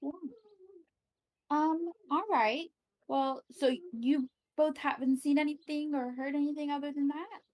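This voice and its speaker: A woman's voice: high-pitched, steady tone, measured pace, darkish tone. A woman playing a tabletop game, describing her character's actions and speaking for her, hesitant, with many fillers. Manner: hesitant, filler-heavy, light. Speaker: player. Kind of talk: tabletop game narration and chat.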